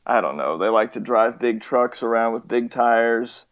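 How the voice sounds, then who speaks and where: A man's voice: mid-range voice, moderate pace. A young man from the southeastern United States, chatting casually and hesitantly with lots of fillers. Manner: hesitant, many fillers and restarts, chuckles often. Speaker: interviewee, nurse. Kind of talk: casual chat. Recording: slightly muffled lo-fi recording.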